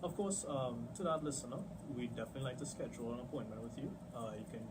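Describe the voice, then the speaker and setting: A man co-hosting a radio talk show, agreeable and quick to affirm. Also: mid-range voice, recorded from a distance, slight background noise, rough recording. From Trinidad. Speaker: radio co-host. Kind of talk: casual radio chat.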